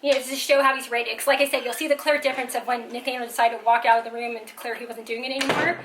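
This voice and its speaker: A woman's voice: on the high side, steady tone, very fast, fairly bright tone, a little hiss or hum, rough recording. A woman telling stories in a casual vlog, chatty and full of "like" and "you know". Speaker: parent vlogger.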